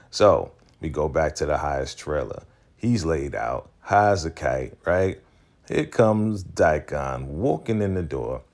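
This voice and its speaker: A man recapping a TV episode in a casual, slangy, chatty way, often acting out the characters' lines in quick quoted voices. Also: deep voice. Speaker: TV recap host.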